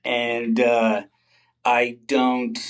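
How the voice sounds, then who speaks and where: A man's voice: mid-range voice, monotone, very slow, a little hiss or hum, low-quality recording. A middle-aged male comedian, a guest in a candid interview, telling stories in a rambling way with lots of fillers and restarts.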